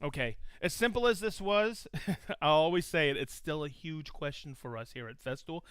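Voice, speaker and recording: A man's voice: on the high side, normal speed, a bit bright, clear, resonant tone, no room sound, studio quality. An enthusiastic man hosting a casual live stream, chatting and calling out viewers' locations one after another. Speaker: host of a live tool show.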